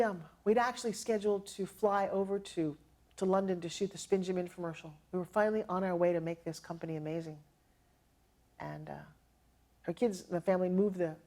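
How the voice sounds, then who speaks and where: A middle-aged woman telling personal stories as a motivational speaker, lively and acting out quoted dialogue with laughs. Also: fairly low pitch. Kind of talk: personal storytelling to an audience.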